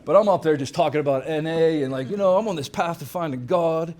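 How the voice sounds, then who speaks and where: Fast-talking with a fairly high pitch and a darkish tone, a man in his thirties or forties addresses a crowd at a recovery conference banquet. He shares his recovery story casually and candidly, dropping plenty of "man" and "dude" plus the odd swear.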